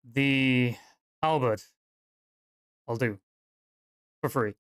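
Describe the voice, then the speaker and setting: A man's voice: medium pitch, very slow, fairly bright tone, smooth. A man voicing an elderly, scarred male dwarf blacksmith who speaks bluntly and in clipped phrases while he haggles. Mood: gruff.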